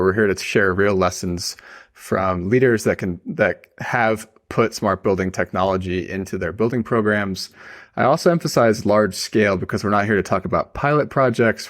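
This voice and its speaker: A man hosting a podcast, introducing the show with upbeat enthusiasm and interviewing a guest. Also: lowish voice. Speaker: podcast host.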